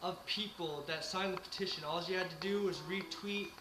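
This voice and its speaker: A man's voice: high-pitched, steady tone, normal speed, background noise. Hesitant man in an echoey room. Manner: hesitant, lots of uh fillers. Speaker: co-host. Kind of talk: casual wrestling prediction chat.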